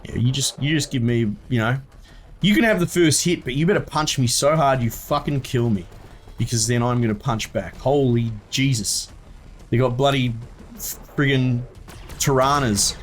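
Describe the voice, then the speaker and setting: A young Australian man giving casual, excitable gameplay commentary, swearing and talking back to the units on screen. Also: mid-range voice, normal speed, slight background noise. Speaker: gameplay streamer.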